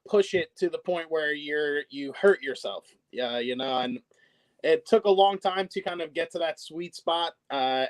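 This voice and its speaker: A man's voice: fairly high pitch, clear, resonant tone, no room sound, low-quality recording. A young man, a singer, answering interview questions in an easygoing way with lots of fillers. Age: young adult. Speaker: singer and guest.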